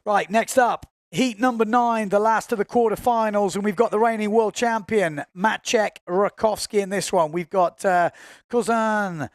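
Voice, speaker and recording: A man's voice: high voice, normal speed, no echo, clean studio sound. A man giving chatty, informal live commentary on a windsurfing race, often correcting himself as he goes.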